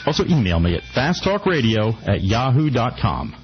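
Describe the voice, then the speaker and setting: A man's voice: mid-range voice, big pitch swings, normal speed, soft background music. A man hosting talk radio, delivering a mock-earnest satirical rant full of stumbling restarts. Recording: muffled radio broadcast.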